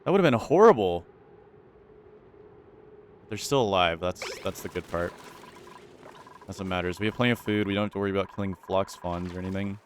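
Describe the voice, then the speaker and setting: A man's voice: deep voice, brisk, pauses often, a little hiss or hum. A man commentating his own gameplay, talking anxiously to his characters and repeating his lines. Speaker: gaming YouTuber.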